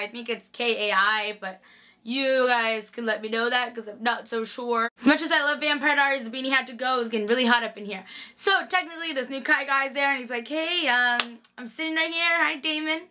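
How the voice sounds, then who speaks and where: A woman's voice: a little high, brisk, bright, forceful tone. A young woman chatting casually through a TV episode recap, gushing and full of "like". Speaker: TV recap vlogger.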